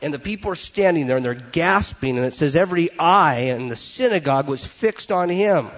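A male pastor preaching a sermon in a lively, animated way, acting out little voices for laughs. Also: fairly high pitch, brisk, lo-fi sound.

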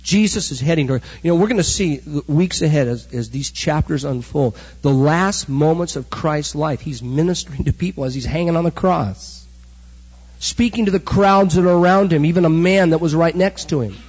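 A middle-aged man preaching a sermon, animated storytelling that acts out the quotes. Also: a little high, normal speed, husky. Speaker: pastor. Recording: dull recording with hall echo.

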